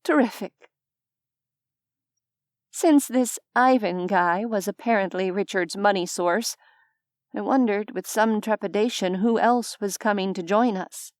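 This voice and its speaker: Woman reading an audiobook, wry and even, dead dry close mic. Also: medium pitch, a little slow, dry recording. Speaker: audiobook narrator. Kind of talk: scripted first-person narration.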